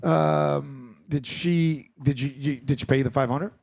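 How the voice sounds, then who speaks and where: A man's voice: mid-range voice, a little slow, gravelly, darkish tone, breathy edge. A man hosting a podcast, bantering crudely and stumbling over restarts as he asks questions. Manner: stammering restarts, crude joking. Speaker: podcast host.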